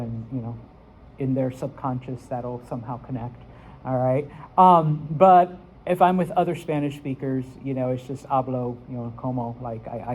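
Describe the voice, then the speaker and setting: A man's voice: mid-range voice, a little mellow, slight background noise, rough recording. A man teaching a Spanish class, checking in with "okay?" after each point. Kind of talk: classroom lesson.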